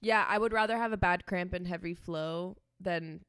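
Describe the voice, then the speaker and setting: A woman in her twenties co-hosting a casual podcast, telling stories in a chatty, animated way and swearing freely. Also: on the low side, moderate pace, clean tone, dry recording, clean studio sound. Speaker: podcast co-host. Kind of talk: casual chat.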